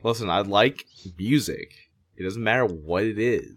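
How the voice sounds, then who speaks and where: A man appearing as a podcast guest, laid-back with deadpan quips. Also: on the low side, moderate pace, dry recording. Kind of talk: casual podcast chat.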